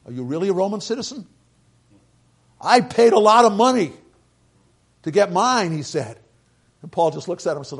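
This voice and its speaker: A middle-aged male pastor preaching a sermon, emphatic, swinging between loud bursts and quiet asides, repeating phrases for stress. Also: a little high. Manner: repeats phrases for stress, quotes scripture and hymns.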